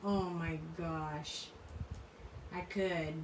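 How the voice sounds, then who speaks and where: A middle-aged woman hosting a crafting channel talks extremely slowly in a lowish, fairly even voice, rambling casually and laughing often as she crafts. The recording is roomy with a distant mic and a noisy background.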